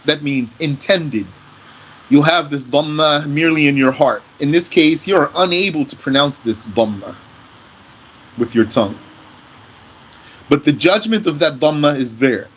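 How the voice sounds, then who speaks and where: A man teaching Arabic grammar in English, explaining slowly and patiently and repeating his example phrases. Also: on the high side, animated, fairly bright tone, slight background noise, rough recording. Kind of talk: slow classroom explanation.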